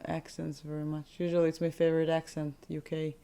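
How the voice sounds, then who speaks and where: Woman podcaster chatting through a movie plot, smooth clear voice, keeps asking how to say stuff. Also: low voice, completely flat delivery, a little fast, mellow. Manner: searches for English words, asks how to say them; chatty, retells scenes with laughs. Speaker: podcast co-host. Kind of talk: casual movie recap chat.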